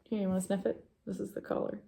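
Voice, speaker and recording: A woman's voice: mid-range voice, little pitch movement, fast talker, creaky, warm tone. A young woman hosting a knitting vlog, chatting casually to camera in a rambling way, with many fillers and asides to her dog.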